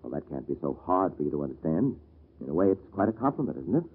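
A man's voice: rumbling low, sing-song, fast talker, a little hiss or hum. An actor playing a wry, self-assured male lawyer in an old-time radio drama, with a dry, teasing manner. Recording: lo-fi vintage radio recording.

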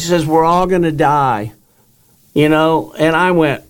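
A man's voice: a little high, a little slow, smooth. An older man, a guest author, telling his own story in an interview and acting out the dialogue he quotes.

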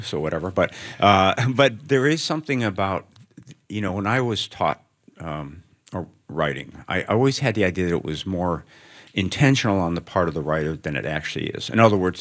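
A man's voice: low voice, lively intonation, normal speed, a bit bright. A man, a writer, answering questions onstage before a student audience, reflective and wandering, with wry asides. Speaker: writer, guest of an onstage interview.

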